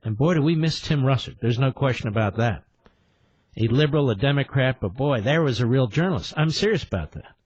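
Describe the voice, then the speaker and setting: A man's voice: mid-range voice, expressive, a little fast, a little mellow, slightly rough, no room sound, lo-fi sound. A man hosting a combative political talk radio show, indignant and emphatic, firing rhetorical questions and repeating his points.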